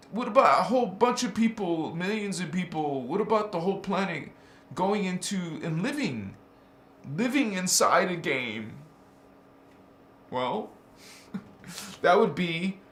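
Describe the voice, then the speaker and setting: A man's voice: a little high, fairly bright tone. A man hosting a spiritual channel, talking casually and playfully, laughing often and calling the listener honey. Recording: roomy echo.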